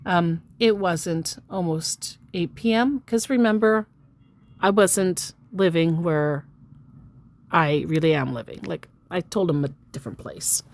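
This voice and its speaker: With a lowish voice at a measured pace, a woman casually recounts chatting with a scammer and reads out the text messages. She's chatty and self-deprecating, with frequent fillers.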